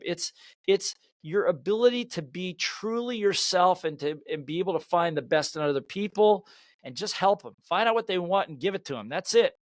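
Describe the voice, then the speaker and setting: An older man, a sales trainer and author, tells lively anecdotes in an interview and laughs at his own stories. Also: sits high, no echo. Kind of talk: storytelling in an interview.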